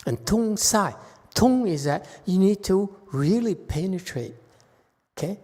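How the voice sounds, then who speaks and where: A man teaching at an unhurried pace, giving a Buddhist Dharma lecture to a live audience. He asks questions of his listeners and grows animated as he explains, and his voice rings with a long hall reverb. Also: sits high. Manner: slow, animated, quizzes the audience.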